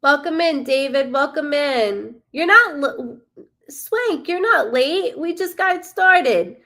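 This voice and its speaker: This woman, a psychic medium running a live stream, speaks slowly in a high, pushed, bright voice with lively intonation. She keeps things casual, welcoming viewers by name and swearing freely.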